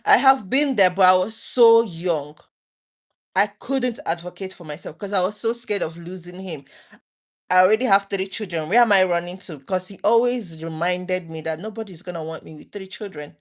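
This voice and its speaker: A woman in her thirties with a fairly low voice speaks to her viewers in a late-night personal talk. She is earnest and openly emotional, and she often breaks off and restarts her sentences. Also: fairly quick. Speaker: vlogger.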